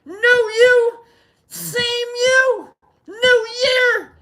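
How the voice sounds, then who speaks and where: A man voicing his own nagging inner voice, taunting him in a shrill, sing-song way. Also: extremely slow, pushed and bright, heavily acted. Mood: mocking.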